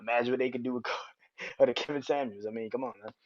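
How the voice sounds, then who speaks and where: A young man hosts a solo podcast, chatting casually and rambling, often restarting and swearing freely. His voice is mid-range and steady in tone, and he talks very fast; the sound is dull and lo-fi.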